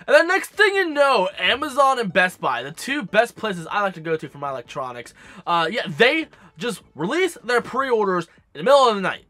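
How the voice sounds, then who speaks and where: A young man with a high, bright voice, telling a story to his camera with animated, sassy energy and plenty of swearing. The sound is dry and close, with no room echo. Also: normal speed, faint music behind. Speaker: gaming vlogger.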